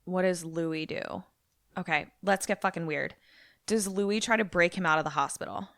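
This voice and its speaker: Bright-voiced woman reacting loudly. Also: lowish voice, moderate pace, no room sound, clean studio sound. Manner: reacts loudly, swears, squeals in surprise. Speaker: podcast co-host. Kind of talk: casual chat, playing along in a story game.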